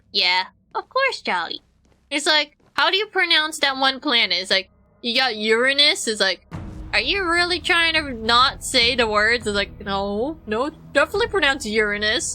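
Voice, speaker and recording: A woman streaming a game with a high, bright, tense voice. She chats playfully and rambles from one aside to the next, her pitch leaping around. Soft music plays underneath. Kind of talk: casual chat while playing.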